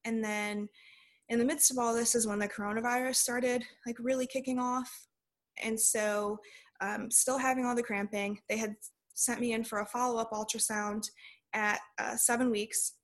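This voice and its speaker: A woman's voice: a little high, level tone, normal speed. A young adult woman, a podcast guest, telling a personal story in a casual way with lots of "like" fillers.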